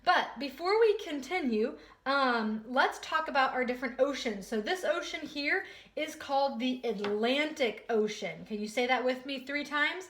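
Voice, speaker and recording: A woman teaching a social studies lesson to young children, leading call-and-response repetition in a slow, sing-song way. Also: high voice, animated, fairly bright tone, reverberant.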